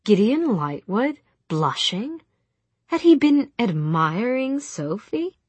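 A woman narrating a novel as an audiobook, with a steady, expressive reading. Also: fairly high pitch, slow pace, breathy edge, no echo.

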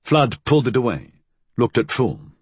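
A man narrating an audiobook in an expressive, measured reading. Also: medium pitch, husky, no room sound.

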